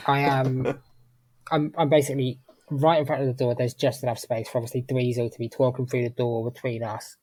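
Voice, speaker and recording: A man playing in a tabletop game, describing his character in a measured, unhurried way. His voice is mid-pitched and sounds dry and close. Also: level tone, a little mellow, no echo, low-quality recording. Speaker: player. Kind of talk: casual tabletop game play.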